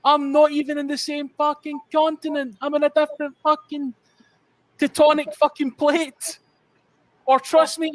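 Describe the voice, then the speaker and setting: A Scottish man with a strikingly high voice, firing off taunts laced with swearing. Faint noise sits under his line. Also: level tone, normal speed, rough recording. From Scotland.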